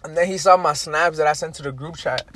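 Young man, high voice, animated slangy storyteller, casual chat. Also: fast talker, a little hiss or hum. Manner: animated storyteller, heavy slang and profanity, acts out quotes.

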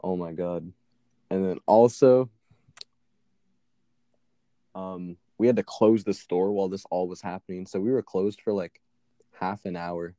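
A man's voice: low voice, steady tone, a little slow, long pauses, warm tone, no room sound. A young man casually telling a long, profane story as a podcast co-host, laughing now and then.

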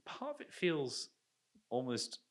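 A man's voice: medium pitch, wildly swooping pitch, slow pace. A man in a casual film discussion who floats his theories with self-mocking laughter.

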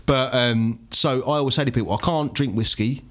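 A man's voice: mid-range voice, fairly quick, fairly bright tone. A man co-hosting a podcast and telling a story in a casual, rambling way, often asking "you know what I mean". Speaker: podcast co-host.

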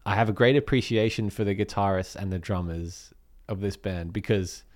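A man's voice: deep voice, normal speed. A man with an Australian accent, chatting casually as a podcast co-host about making music, rambling a little as he goes. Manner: rambling, relaxed, with fillers. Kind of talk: casual chat.

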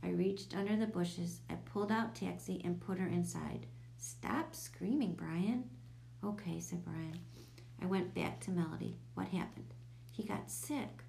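A woman's voice: on the low side, fairly even intonation, normal speed, vocal fry, dark tone. A woman reading a children's chapter book aloud, raising her voice for the children's lines. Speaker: storybook reader. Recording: echoey room with faint hum.

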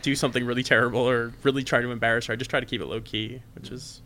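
A man telling convention stories on a casual podcast, animated and often laughing. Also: mid-range voice, very fast. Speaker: convention guest. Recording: noisy podcast recording.

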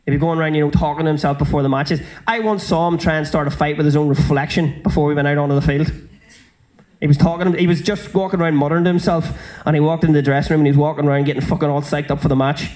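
A young Northern Irish man doing stand-up, telling his story in a brisk, conversational run and swearing casually. His voice sits a touch high for a man. He talks at a very quick clip. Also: fairly even intonation, darkish tone. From South Armagh, Northern Ireland. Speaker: stand-up comedian.

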